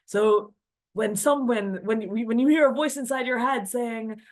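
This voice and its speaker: A woman's voice: a little high, a little slow. Woman teaching a text class, chatty, reads passages out and translates them. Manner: chatty, animated, reads Hebrew and Aramaic aloud and translates.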